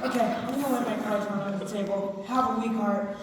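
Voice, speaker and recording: A woman's voice: medium pitch, fairly even intonation, fairly quick, heavy background noise, lightly acted. A woman playing a fretful, exasperated older producer with a weak heart, on stage. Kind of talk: stage musical performance. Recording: distant echoey stage recording.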